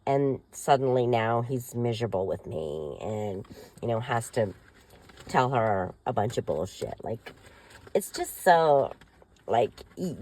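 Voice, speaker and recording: Bitter woman venting, lively pitch. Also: takes it slowly. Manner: bitter, indignant, swearing, repetitive. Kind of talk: emotional personal venting. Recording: noisy with vehicle sounds behind.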